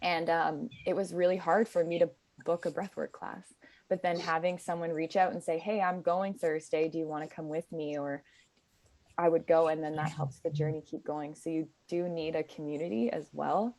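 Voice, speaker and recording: A woman's voice: sits low, steady tone, moderate pace, darkish tone. A woman in her twenties, a guest speaking earnestly and casually, with frequent fillers and restarts. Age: 20s. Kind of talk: casual conversation.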